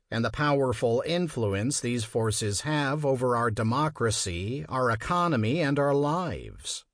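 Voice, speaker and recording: Male audiobook narrator, measured scripted read with an animated pitch, close dry studio sound. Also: dry recording.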